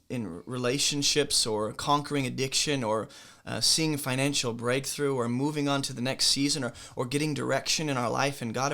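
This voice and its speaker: Young man, bright forceful voice, casual earnest preaching, conversational asides. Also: mid-range voice. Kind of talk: informal sermon.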